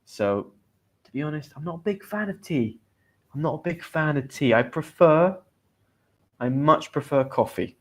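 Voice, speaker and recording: A man's voice: fairly high pitch, expressive, normal speed, pauses often. Chatty British man teaching English. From Great Britain. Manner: chatty, greets viewers and reads their comments aloud. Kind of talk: live-stream English lesson.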